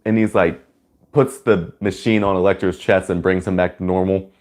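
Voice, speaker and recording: A man with a fairly low voice gives a casual, rambling movie review. He fills his talk with "like" and "you know". When excited, he jumps into loud, high cheers. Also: moderate pace.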